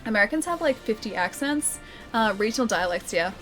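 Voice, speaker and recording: A woman's voice: fairly high pitch, animated, a little fast, a bit bright, soft background music. A young Australian woman streaming a game, chatting casually with her chat and laughing often.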